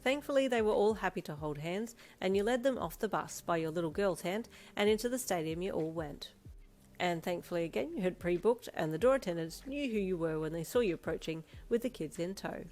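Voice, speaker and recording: Expressive woman reading a story. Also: fairly low pitch, brisk. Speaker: fan fiction reader. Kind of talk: second-person story narration.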